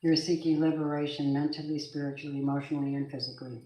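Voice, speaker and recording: Lady with a deep voice doing a tarot reading, repeats herself a lot, echoey room with a bit of hiss. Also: little pitch movement, fast talker, muffled recording. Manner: repetitive, emphatic, prayerful. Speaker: tarot card reader.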